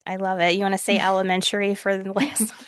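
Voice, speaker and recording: A woman's voice: mid-range voice, little pitch movement, fast talker, clean tone, dry recording, studio quality. A woman hosting a podcast, talking casually and reflectively, laughing easily. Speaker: podcast host. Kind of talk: casual chat.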